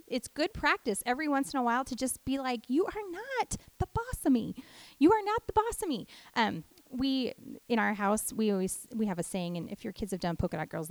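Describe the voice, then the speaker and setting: A middle-aged woman teaching a devotional talk, an animated storyteller. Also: mid-range voice, no echo. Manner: animated storyteller who acts out family voices. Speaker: women's ministry teacher.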